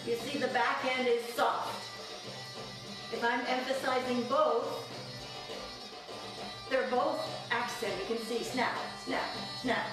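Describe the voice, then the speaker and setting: A woman teaching a live belly dance class, counting beats aloud and cueing each move with encouragement. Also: a little high. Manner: encouraging and upbeat. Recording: very echoey room, mic far off. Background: music playing.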